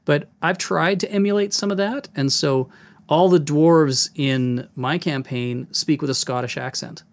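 Animated man hosting a game podcast. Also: a little high, unhurried. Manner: animated, demonstrative, jumps into voices. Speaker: game master and podcast host. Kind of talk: casual podcast chat.

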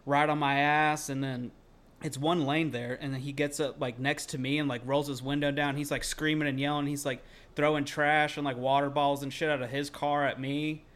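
A man's voice: on the high side, little pitch movement, moderate pace. A young man telling a long story in casual podcast chat. He rambles, fills his talk with "like" and swears freely. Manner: rambling, heavy on filler "like", swears freely, shouts when quoting himself. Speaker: podcast co-host.

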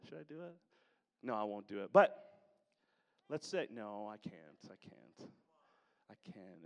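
A man preaching a conversational sermon to his congregation, with joking asides. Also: a little high. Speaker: pastor. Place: church sanctuary. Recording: long hall reverb.

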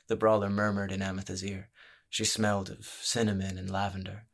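A man narrating a fantasy story as a scripted audiobook reading, in a measured, even storytelling manner. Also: sits low.

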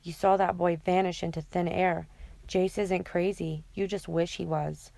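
Casting note: woman voicing a needling inner voice, audiobook, dry, gravelly. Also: on the low side, fairly even intonation, a little slow, warm tone, no room sound. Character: taunting inner voice in a girl's head. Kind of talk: audiobook character reading.

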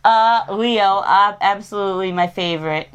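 A woman co-hosting a casual film chat, emphatic and quick to react, with some swearing. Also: mid-range voice, a bit bright, smooth, muffled recording. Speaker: podcast co-host.

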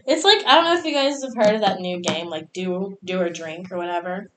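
A woman's voice: on the low side, a little fast, a little hiss or hum. A young woman co-hosting a podcast in casual chat. She is giggly and chatty, with lots of 'like' and swearing. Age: young adult. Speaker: podcast co-host. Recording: echoey room.

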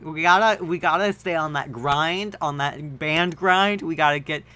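A man co-hosting a comedy podcast, reading a story aloud deadpan and breaking off for joking asides. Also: on the high side, measured pace, smooth. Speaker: podcast co-host and reader.

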